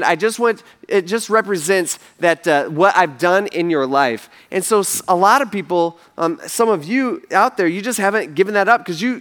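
High-voiced, casual preaching man. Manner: casual, conversational, slangy; animated storytelling. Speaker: pastor. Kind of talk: sermon.

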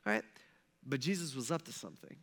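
A man's voice: medium pitch, lively intonation, brisk, fairly bright tone, husky. A male pastor giving a casual, conversational sermon, retelling a story and checking in with listeners as he goes.

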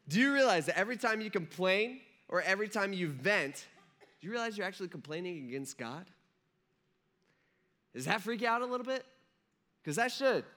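Animated high-voiced preaching man. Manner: conversational, animated, asks the crowd questions. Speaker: pastor. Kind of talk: sermon.

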